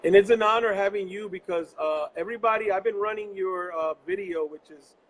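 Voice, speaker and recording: A man's voice: high-pitched, fairly quick, rough recording. A man from New York hosting a live interview show, speaking earnestly like a preacher, recorded on location instead of at his office. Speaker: host.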